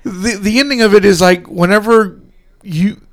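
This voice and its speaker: A man's voice: sits high, moderate pace, no room sound, clean studio sound. A man co-hosting a podcast in casual chat, rambling about films, laughing often and acting out movie lines. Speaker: podcast co-host.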